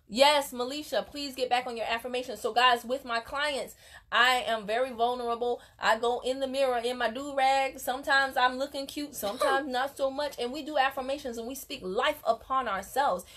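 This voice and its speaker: Her voice is high and fairly bright, with a steady tone and a brisk delivery. A woman network marketing coach unboxes on a phone-recorded casual vlog from a room at home, motivating viewers she calls "y'all" in an emphatic, preachy way.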